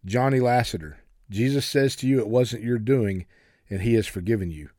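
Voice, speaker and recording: A man voicing a humble man of faith who speaks quietly and plainly with a slight drawl. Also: medium pitch, moderate pace, no echo, natural voice. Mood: calm.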